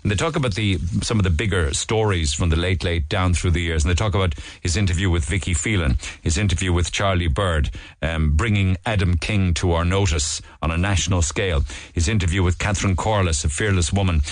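A man with an Irish accent hosts a radio show, chatting casually through the morning papers with digressions, restarts and asides. His voice sits low and moves a little fast, with no echo.

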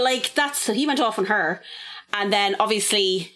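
A woman co-hosting a podcast, telling a gossip story in an animated, swearing, casual way. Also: medium pitch, normal speed. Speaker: podcast co-host. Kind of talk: casual chat.

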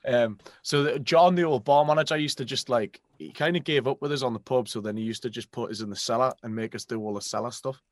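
A man with a Geordie accent, a musician guest chatting casually, relaxed and laughing easily. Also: mid-range voice, fast talker, hardly any pauses, no echo. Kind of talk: casual chat interview.

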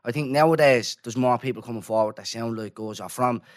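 A man, co-hosting a podcast and reading out listener suggestions in a relaxed, easygoing chat. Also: medium pitch, brisk. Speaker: podcast co-host. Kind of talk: casual chat.

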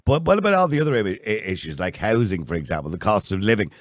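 An Irish man hosts a panel talk show, jumping in emphatically to push his guests. His delivery is quick and lively, with wide swings in pitch. The recording is close and dry. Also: no room sound. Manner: animated, interjecting, emphatic. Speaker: host.

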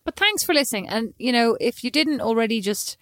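Teasing, animated Irish woman storyteller. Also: on the high side, fairly quick, dry recording, clean studio sound. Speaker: podcast co-host. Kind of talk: casual chat between sisters.

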